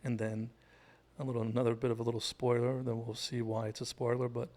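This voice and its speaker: A man's voice: medium pitch, little pitch movement, quick pace, a little mellow. A man casually retelling a TV episode scene by scene, loosely acting out the characters' lines with many fillers. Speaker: show host.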